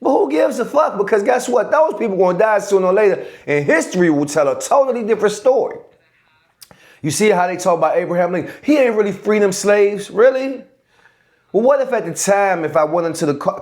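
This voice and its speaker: A man's voice: high-pitched, darkish tone. A man giving casual, profane political commentary, telling events animatedly with spoken sound effects.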